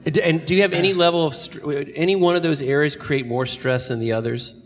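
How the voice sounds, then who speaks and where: Calm man moderating a church panel. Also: a little high, fairly quick, long reverb tail.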